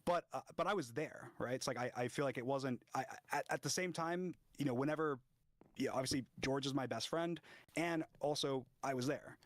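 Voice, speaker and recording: Fast, halting man on a call. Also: mid-range voice, dry recording. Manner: halting, many restarts and fillers. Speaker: interview guest. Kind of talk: defensive livestream discussion.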